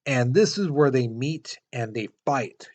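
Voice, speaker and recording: A man's voice: mid-range voice, lively intonation, a little slow, a little mellow. A man teaching a history lesson in a casual, explanatory way, pointing to a map with many fillers. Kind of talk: classroom lecture.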